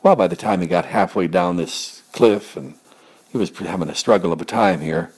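Husky-voiced man telling a rambling story. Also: sits low, normal speed. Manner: rambling, gentle, drifts to soft near-whispers. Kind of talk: improvised spoken storytelling.

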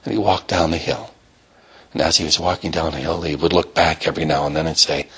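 A man telling a story in a slow, repetitive, drawn-out way. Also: very deep voice, fairly even intonation, fairly bright tone, husky. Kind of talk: told bedtime-style story.

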